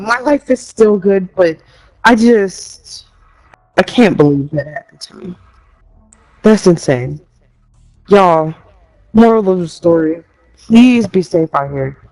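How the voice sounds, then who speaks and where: A woman's voice: mid-range voice, expressive, takes it slowly, pauses often, a little mellow, low-quality recording. A young woman talks to her viewers in a casual live stream. She rambles emotionally, swears and laughs nervously. She is close to tears, with a voice of ordinary height.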